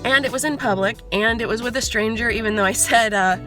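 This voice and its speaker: A woman's voice: on the high side, a little fast, over music. A woman in her thirties talking in a chatty, effusive way into her phone from a car, as a vlogger. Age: 30s. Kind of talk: casual vlog talk to camera.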